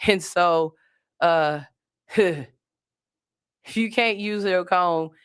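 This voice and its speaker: A woman hosting a podcast, telling stories in a casual, animated way with frequent laughs. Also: on the low side, drawn-out words, clean tone, no room sound, studio quality. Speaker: podcast host. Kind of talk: casual comedic chat.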